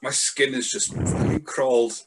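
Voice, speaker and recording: A man's voice: medium pitch, steady tone, moderate pace, background noise. A man with a faint Scottish accent chats as a podcast guest in an ordinary mid-range voice. He rambles in a laid-back way and swears freely. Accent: mild Scottish. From Scotland. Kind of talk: casual chat.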